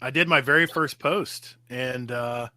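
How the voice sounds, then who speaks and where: A man guesting on a casual gaming podcast, telling stories in an animated way and acting out what people said. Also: medium pitch, measured pace, no echo, clean studio sound. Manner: animated storyteller, acts out quotes.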